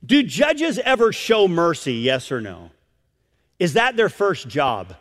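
A male pastor delivers his sermon slowly and emphatically, his high voice rising and falling widely. He stops often for effect and puts questions to the congregation. The sound carries a long reverb from the church sanctuary. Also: huge pitch swings, fairly bright tone. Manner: emphatic preaching with dramatic pauses, asks the congregation questions.

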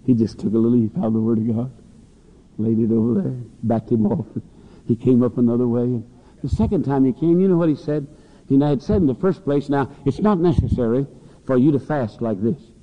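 A man's voice: medium pitch, fairly quick. A man preaching a sermon to students, telling folksy stories and acting out voices. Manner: folksy storytelling, acts out voices. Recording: dull lo-fi recording with long hall reverb.

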